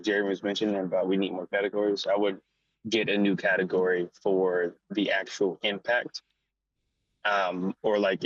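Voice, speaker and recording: Chill dude, slangy, muffled call-in sound, dry. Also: male voice, fairly low pitch, no echo. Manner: laid-back, slangy. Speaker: podcast co-host. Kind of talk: casual gaming chat. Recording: dull lo-fi remote line.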